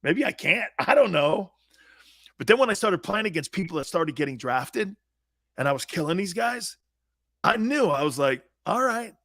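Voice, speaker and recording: Male sports host, 50s, former player: emphatic, blunt storyteller, slightly raised pitch, dry sound. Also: very animated, normal speed, a bit bright, no echo. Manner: emphatic, blunt, salty slang. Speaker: sports talk show host, former pro football player. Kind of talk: animated personal storytelling.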